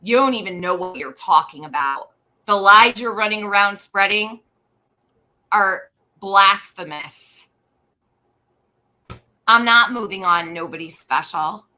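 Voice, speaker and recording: A woman's voice: mid-range voice, animated, measured pace, long pauses, pushed and bright, low-quality recording. A woman commenting on a livestream, scolding someone bluntly and repeating her points for emphasis. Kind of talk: indignant live-stream commentary.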